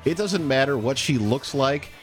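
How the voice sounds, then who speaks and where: A man with a Midwestern American accent trades quips as a radio co-host. His pitch swings up and down as he jokes. Faint music runs under his voice. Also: expressive, moderate pace. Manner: wisecracking, laughs easily. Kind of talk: casual morning-show banter.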